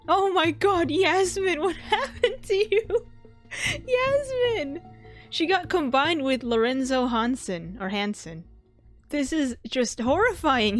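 Woman, gaming host, casual gameplay commentary, excitable, squeals and laughs, slightly high voice, faint music behind.

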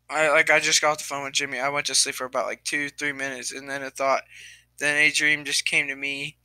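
A young man vlogging to camera while crying, halting and sighing, trailing off with many restarts. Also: mid-range voice, level tone, pushed and bright, clear, resonant tone, no echo. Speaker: gaming YouTuber. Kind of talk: tearful apology vlog to camera.

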